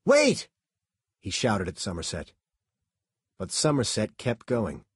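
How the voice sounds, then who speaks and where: Brief: male audiobook narrator, slow and husky, lively melody. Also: on the low side, no echo, clean studio sound. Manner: measured, expressive reading. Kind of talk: scripted narration.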